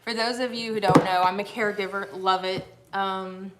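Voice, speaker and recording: A woman co-hosts a casual livestream from home, talking into a phone. She rambles and restarts her sentences in a loose, chatty way. Her voice sits at an ordinary middle pitch. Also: steady tone, normal speed, heavy background noise. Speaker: livestream co-host. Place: at home in a house.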